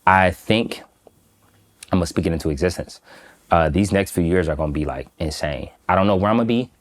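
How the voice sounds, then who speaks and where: A man from Detroit, a food critic talking as a guest, speaking slowly in a calm, relaxed, fairly monotone way. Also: low-pitched. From Detroit, USA. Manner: slow, calm, monotone delivery; relaxed, laughs easily. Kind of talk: casual interview chat.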